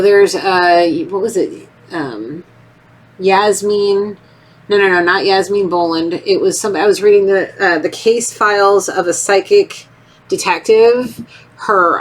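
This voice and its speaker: A woman talks through a tarot reading in a loose, rambling way. Her voice sits a little low, and she breaks into quick acted-out voices as she goes. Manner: rambling, animated, acts out voices. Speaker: tarot reader. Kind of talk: casual tarot reading monologue.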